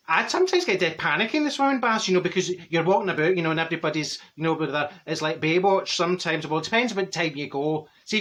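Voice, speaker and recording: A man's voice: fairly high pitch, fairly bright tone, lightly acted. A man voicing a chatty, straight-talking older woman from Glasgow in a Glaswegian accent, rambling and laughing through her comic stories. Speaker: comedy character. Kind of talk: comic monologue to camera.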